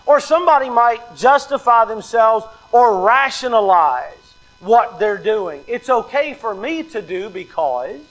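A man's voice: very high-pitched, lively intonation, measured pace, fairly bright tone, faint music behind, rough recording. A man preaching a sermon as pastor, emphatic and repetitive, acting out the excuses people make. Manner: emphatic, repeats key lines, acts out quoted excuses.

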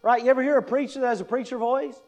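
Man in his fifties, very high voice, pastor teaching, chatty, wry. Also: steady tone, very fast, a little mellow. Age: 50s. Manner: conversational, asks "right?" often, wry humor. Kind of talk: teaching talk on public speaking.

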